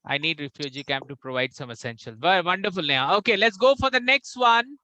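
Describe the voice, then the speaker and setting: A man with an Indian English accent, an English coach drilling pronunciation in an online class, repeating words slowly and slipping into Hindi. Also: high-pitched, expressive, sharp tone, dry recording, poor audio. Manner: drills words by slow repetition, mixing in Hindi.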